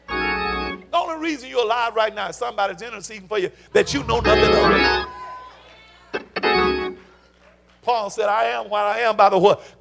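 A pastor with a high, heavily gravelly voice preaches to his congregation, tossing out questions and shouting the answers back. Music plays softly under him in the sanctuary. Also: moderate pace, long pauses. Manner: call-and-response preaching, shouting peaks. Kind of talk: sermon. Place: church sanctuary.

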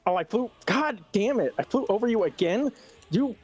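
Man, lively up-and-down voice, fairly high, swears and yells, casual gaming banter, game music faintly behind. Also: normal speed, slightly rough. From Latino. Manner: swears constantly, yells in frustration. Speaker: gaming YouTuber.

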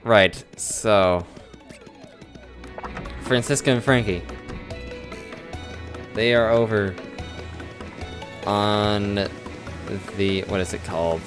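A man's voice: lowish voice, drawn-out words, long pauses, music in the background. A man giving casual, mumbled, self-deprecating commentary while playing a game. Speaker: let's play host.

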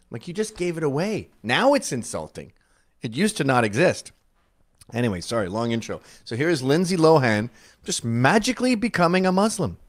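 A middle-aged man hosting a show, giving sarcastic, mocking comedic commentary. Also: medium pitch. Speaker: podcast host.

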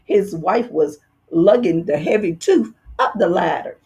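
A woman reads a children's picture book aloud at an unhurried pace. Her voice rises and falls expressively from one phrase to the next. The reading is clear and deliberate, made for young listeners. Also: fairly low pitch, lively intonation, dark tone. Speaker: storyteller.

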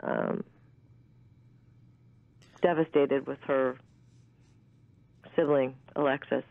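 A woman in her fifties, an actress, telling stories in a candid, animated way with plenty of fillers and the odd swear word. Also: very deep voice, extremely slow, gravelly, no echo. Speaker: actress and interview guest. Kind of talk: casual storytelling interview. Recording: tinny dry phone line.

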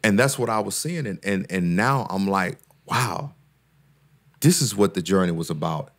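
A man's voice: low-pitched, animated, normal speed. A man, a therapist and guest speaker, talking in a casual podcast conversation with an earnest, preacher-like cadence that climbs when he makes a point, often repeating words and restarting sentences.

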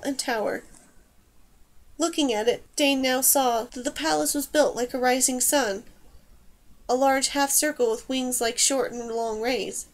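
A woman reading a novel aloud as an audiobook, with steady, even storytelling. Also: high-pitched. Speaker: audiobook reader. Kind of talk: scripted narration.

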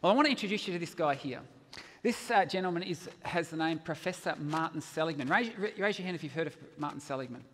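A man speaks at a chapel gathering with a high voice that leaps all over the place as he tells a story. He acts out the people in it with gusto, and his words ring on in the long reverb of the chapel. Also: quick pace. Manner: animated storyteller who acts out quotes. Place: university chapel.

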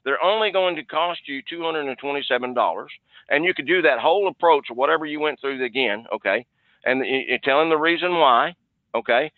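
A man's voice: on the high side, brisk, no room sound. A man coaching salespeople on a video call in a folksy way, often repeating "okay". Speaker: sales trainer. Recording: dry, tinny phone-like line.

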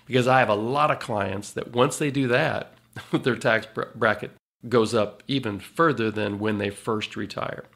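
A man, a financial advisor on a podcast, chatting in a relaxed way with chuckles and then explaining retirement planning. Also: medium pitch, normal speed. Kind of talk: casual podcast chat.

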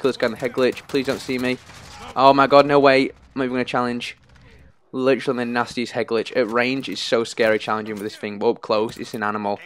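A man giving live gameplay commentary, excitable and anxious, often pleading under pressure. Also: mid-range voice, fast talker. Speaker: gaming YouTuber.

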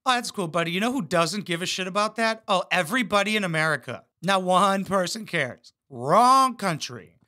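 A man's voice: sits high, a little fast, hardly any pauses, bright, forceful tone, soft background music. A man hosting a reaction video, roasting clips with sarcastic, profane commentary. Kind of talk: mocking commentary over clips.

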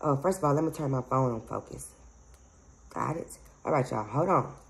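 With an extremely low, gravelly voice and lively intonation, a woman hosts a casual spiritual vlog as a psychic medium, speaking at a moderate pace. She rambles with emphasis, laughs frequently, and says "y'all" to her viewers. The recording is low-quality.

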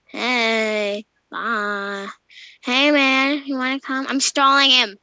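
A woman chatting casually while playing a game, excitable, squealing and giggly. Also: high-pitched, moderate pace. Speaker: gamer. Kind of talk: casual gameplay chat.

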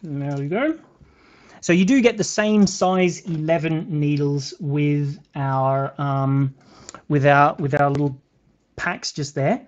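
A man's voice: fairly high pitch, slow. A man with a British accent hosting a live beading tutorial, chatting to viewers and counting beads aloud as he works. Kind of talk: live craft tutorial, casual chat. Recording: slightly dull lo-fi sound.

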